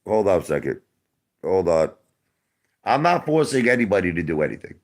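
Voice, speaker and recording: A man's voice: mid-range voice, sing-song, moderate pace, fairly bright tone. A man in his forties answering his chat on a casual livestream, defensive and repetitive, who keeps calling the viewers brother. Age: 40s.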